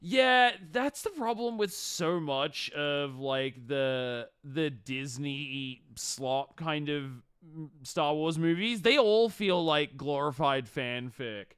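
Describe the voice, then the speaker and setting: A man hosting a live stream and chatting casually about movies. He rambles and swears freely, with animated reactions. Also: fairly high pitch, slow pace, hardly any pauses, clear, resonant tone.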